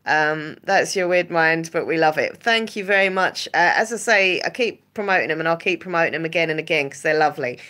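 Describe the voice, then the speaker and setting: A woman's voice: low voice, brisk, hardly any pauses, fairly bright tone. A woman hosting a casual livestream, chatting and giggling as she rambles and greets viewers in the chat by name. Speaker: livestream host and ASMR creator.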